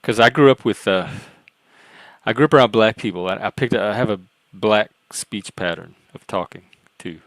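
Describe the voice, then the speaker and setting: A man's voice: fairly low pitch, moderate pace, a bit bright, no room sound. A man with a Southern US accent, a Louisiana, Cajun and Texas blend, hosting a livestream in rambling, self-deprecating casual chat. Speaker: livestream host.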